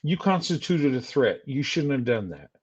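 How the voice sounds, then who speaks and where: A man's voice: medium pitch, big pitch swings, moderate pace, husky, muffled recording. An older man streaming a heated, insulting rant at a rival. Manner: angry, insulting, taunting.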